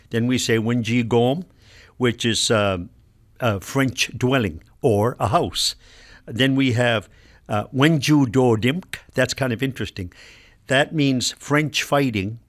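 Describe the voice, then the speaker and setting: A man's voice: medium pitch, slow pace, fairly bright tone. An older man from Nova Scotia, Canada, an elder and linguist, patiently explaining words one by one with examples in a radio conversation.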